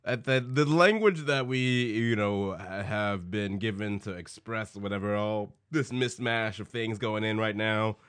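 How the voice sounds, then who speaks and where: A man's voice: on the low side, unhurried, few pauses, fairly bright tone, smooth. A man co-hosting a podcast, riffing in playful, slangy casual chat.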